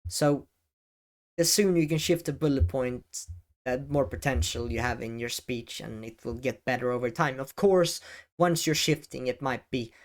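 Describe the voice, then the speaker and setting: Man, educational video creator, advice to camera, deliberate, pausing, stressed key words, mid pitch. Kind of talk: talking-head advice vlog. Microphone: camera-facing setup.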